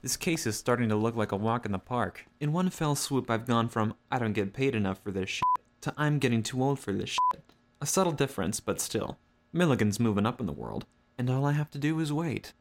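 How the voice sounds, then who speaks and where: A middle-aged man voicing a world-weary male duck private eye who narrates a noir game in a dry, deadpan, wisecracking way. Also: mid-range voice, a little fast, a little hiss or hum, natural voice. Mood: wry.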